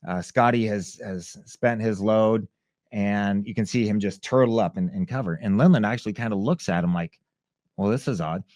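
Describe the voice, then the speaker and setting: This ex-fighter, guesting on a podcast, is a lively storyteller who voices the people in his tale and acts out their shouts. He speaks at a moderate pace in a lowish voice, with studio-quality sound and no room noise.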